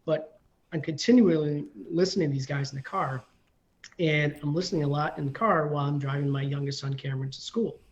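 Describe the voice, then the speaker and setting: A man's voice: a little high, a little fast, lo-fi sound. A man in his forties, a firefighter guest, telling a story casually with many ums and you-knows.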